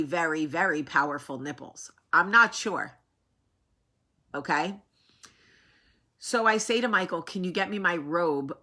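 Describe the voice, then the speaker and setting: Bright-voiced New York-accented woman storyteller. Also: fairly low pitch. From New Jersey. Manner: animated, swears freely, laughs while telling. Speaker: host. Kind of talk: casual storytelling chat.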